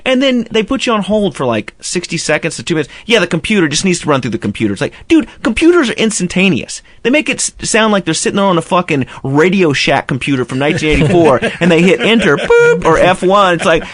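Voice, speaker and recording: A man's voice: high voice, very animated, quick pace, few pauses, fairly bright tone, dry recording. A man hosting a radio talk show, telling a long profane story and acting out both sides of a phone call. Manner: profane storytelling with mimicked dialogue. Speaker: radio host. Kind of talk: casual radio banter.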